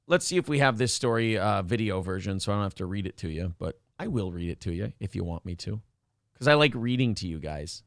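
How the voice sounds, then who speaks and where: A man's voice: fairly low pitch, expressive, a little fast, no echo, clean studio sound. A man hosting a morning talk show, joking around in a casual, profane and offhand way. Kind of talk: casual comedic chat.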